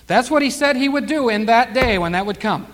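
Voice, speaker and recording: A man's voice: extremely high pitch, expressive, a little fast, fairly bright tone, big-room sound. A man preaching a sermon with fervent, surging emphasis on his key words.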